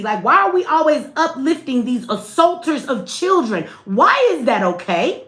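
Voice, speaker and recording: In an echoey room, a woman hosting a livestream speaks at a moderate pace with a high, very animated, slightly bright voice. She addresses her chat directly and bluntly, cursing plenty as she comments.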